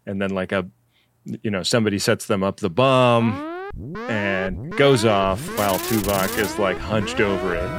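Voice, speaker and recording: A man's voice: lowish voice, moderate pace, crowd noise. A man co-hosting a podcast, casually summarizing the plot and laughing often. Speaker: podcast co-host. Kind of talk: casual chat.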